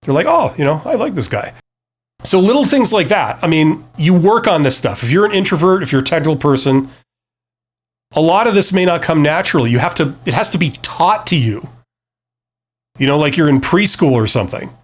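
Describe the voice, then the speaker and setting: A man's voice: a little high, lively intonation, brisk. A man talking casually to camera with career advice, rambling and self-deprecating, full of fillers and restarts. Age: adult past his early twenties.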